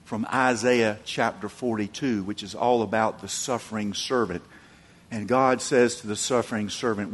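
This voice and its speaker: A man preaching a sermon, acting out quoted voices and moving between loud emphatic peaks and low quiet asides. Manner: acts out quoted voices, chuckles. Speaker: pastor.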